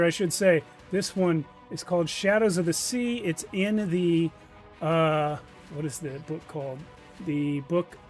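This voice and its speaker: A man narrating a tabletop game as game master, with loose, rambling delivery. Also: high voice.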